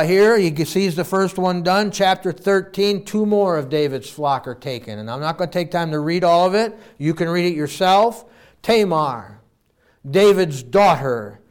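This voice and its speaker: A man preaching a sermon with a dramatic storytelling delivery, moving between loud pleading and hushed low lines. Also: clear, resonant tone.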